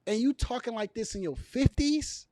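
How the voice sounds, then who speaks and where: A man's voice: very high-pitched, normal speed, darkish tone, dry recording. A man giving casual opinion commentary to camera, emphatic and repetitive, with chuckles between his points. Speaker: video commentator.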